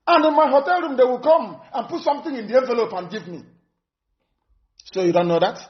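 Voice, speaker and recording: Nigerian man, activist orator, high for a male, scornful and emphatic, dull lo-fi broadcast sound. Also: brisk. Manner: fiery, scornful, repeats phrases for emphasis. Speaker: political activist. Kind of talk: impassioned live broadcast speech.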